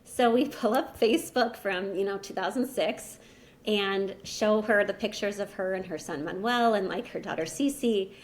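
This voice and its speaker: A woman in her thirties, a language teacher appearing as a podcast guest, shares a personal story in a relaxed, chatty manner, sprinkling in plenty of "like" and "you know." Her voice sits at medium pitch and moves at a moderate pace, with a little hiss or hum on the recording.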